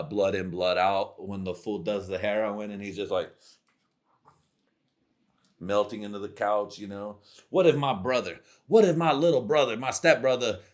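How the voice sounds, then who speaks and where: A young man hosting a comedy podcast, delivering a crude, rambling monologue full of swearing and laughing at his own jokes. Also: fairly low pitch.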